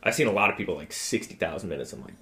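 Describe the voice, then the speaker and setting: A man's voice: low-pitched, lively intonation, racing, sharp tone. A young man co-hosting a casual podcast, thinking aloud in long rambling sentences packed with "like". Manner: rambling, filler-heavy with lots of "like". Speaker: podcast co-host. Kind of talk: casual chat.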